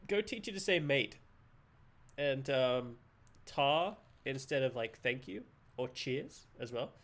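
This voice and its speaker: A man's voice: mid-range voice, expressive, slow, a bit bright. A young Australian man streaming a game live, joking and laughing with chat. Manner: giggly, playful, jokey.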